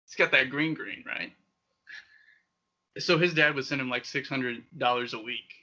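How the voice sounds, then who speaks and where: A young man hosting a podcast, telling wild stories in a casual, profane, animated way with frequent laughter. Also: mid-range voice, normal speed. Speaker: podcast host. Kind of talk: casual storytelling. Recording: dull lo-fi sound.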